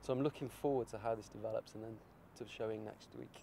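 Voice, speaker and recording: A man's voice: fairly low pitch, fairly even intonation, quick pace, vocal fry, warm tone, a little hiss or hum. A man artist talking in a casual interview, rambling and searching for his words.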